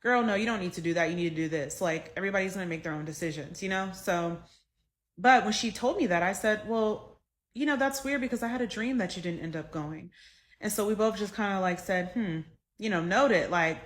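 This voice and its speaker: Low-voiced woman telling a story. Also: a little fast. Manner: conversational, animated retelling with fillers. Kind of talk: casual storytime.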